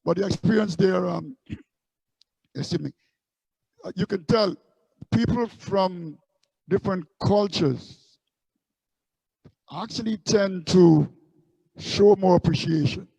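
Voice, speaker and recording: A man's voice: sits high, slow pace, creaky, pauses often, mellow, breathy edge, dry recording, low-quality recording. A man from Guyana, a street musician recalling his busking days in a loose, rambling way. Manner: rambling anecdotes with many restarts. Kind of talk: casual storytelling interview.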